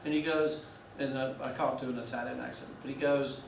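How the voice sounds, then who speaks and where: A man's voice: medium pitch, steady tone, brisk, creaky, slight background noise. A man lecturing a class, telling a business story with many restarts and fillers. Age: 40s. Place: lecture room. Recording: echoey room, mic from a distance.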